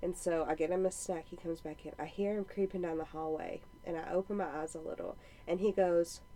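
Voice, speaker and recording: A woman in her thirties telling funny family stories in casual chat, lively and then dropping quiet for asides. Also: lowish voice, a little fast. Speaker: podcast co-host.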